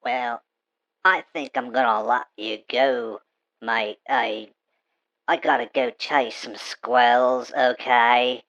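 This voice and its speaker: A man's voice: medium pitch, fairly even intonation, takes it slowly, fairly bright tone, highs cut off, pitched above the performer's own voice. Man putting on a rude Australian talking dog. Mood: gruff. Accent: put-on Australian. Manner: rude, slangy, calls listener mate. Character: crude beer-drinking Australian talking dog, male.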